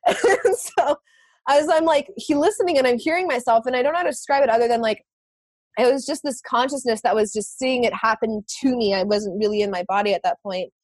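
A woman telling a personal story in casual conversation, animated, laughing often and swearing casually. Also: on the high side, brisk, no echo.

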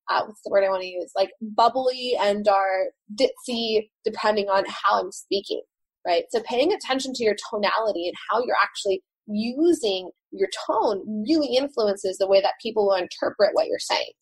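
A woman co-hosting a podcast, explaining in a measured, enthusiastic way. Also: mid-range voice, slightly rough, no room sound, low-quality recording. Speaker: podcast co-host.

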